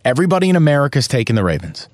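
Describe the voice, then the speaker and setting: A man co-hosting a sports betting chat, ranting with theatrical mock outrage and cursing, his voice jumping high when riled. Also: sing-song, racing, no room sound, studio quality. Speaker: sports betting podcast co-host.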